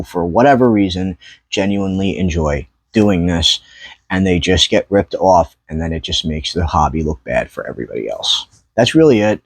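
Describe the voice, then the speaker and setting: Male vlogger, lowish voice, angry profane commentary, dry close mic. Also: no room sound. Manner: angry, profane rant with rising outbursts. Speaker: YouTuber ranting about trading card sellers. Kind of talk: heated commentary vlog.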